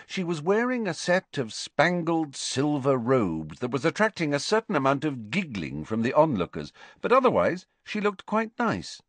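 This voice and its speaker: Highly animated male audiobook narrator. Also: moderate pace, few pauses, no echo. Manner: expressive, varied storytelling. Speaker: audiobook reader.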